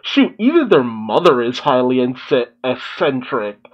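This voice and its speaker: Reaction host, male, casual and openly emotional, animated pitch, muffled lo-fi mic. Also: measured pace. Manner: emotional, exclaiming and laughing often.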